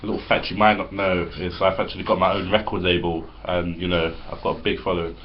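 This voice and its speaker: A man's voice: sits low, flat delivery, fast talker. A man hosting a comedic mock interview, casually prompting his guest for stories. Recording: slightly muffled with faint hiss.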